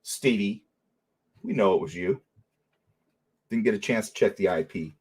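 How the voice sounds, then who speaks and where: A middle-aged man hosting a casual livestream, telling animated stories and laughing often. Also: lowish voice, a little slow, husky. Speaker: livestream host.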